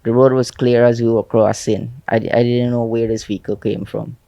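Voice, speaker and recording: A man with a Guyanese accent, an eyewitness telling a reporter how his friend was struck, shaken and halting. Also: mid-range voice, flat delivery, creaky, mellow, no echo, muffled recording. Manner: shaken, halting, repeating himself. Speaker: eyewitness interviewed. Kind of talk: news interview.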